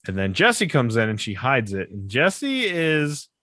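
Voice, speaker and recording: Laid-back man recapping with quick laughs. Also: medium pitch, wildly swooping pitch, pushed and bright, no room sound. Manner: laughs often, acts out characters' lines. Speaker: podcast co-host. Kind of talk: casual chat recapping a sitcom episode. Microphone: podcast microphone.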